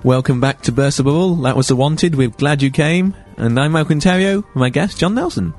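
Chatty radio host. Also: male voice, a little high, darkish tone, soft background music. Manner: chatty, quick, stumbling restarts. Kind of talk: casual radio chat. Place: radio studio.

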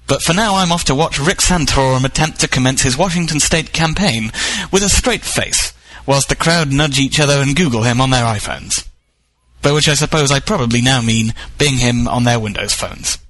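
A man delivers a scripted comic report in a wry, wordy, deadpan way. His voice sits at a middle pitch. The recording is close and dry, with no room sound. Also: no room sound, low-quality recording. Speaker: correspondent.

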